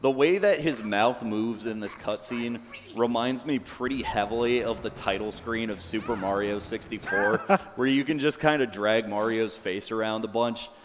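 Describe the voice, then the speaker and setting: Low-voiced young man commentating a speedrun. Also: normal speed. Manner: relaxed, explanatory, many fillers. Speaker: speedrunner commentating his run. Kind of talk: casual live commentary. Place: event venue. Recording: long hall reverb, faint background noise.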